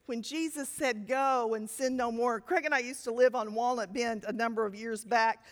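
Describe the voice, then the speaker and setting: A woman teaching a Bible sermon, telling stories with lively, sudden loud emphasis. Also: on the high side, moderate pace, big-room sound. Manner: animated storytelling with sudden loud emphatic lines.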